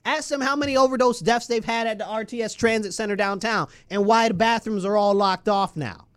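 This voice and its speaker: Man, very high voice, agitated political rant, emphatic, repeats himself, rhetorical questions. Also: a little fast, a bit bright, smooth. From New York State. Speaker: local political commentator.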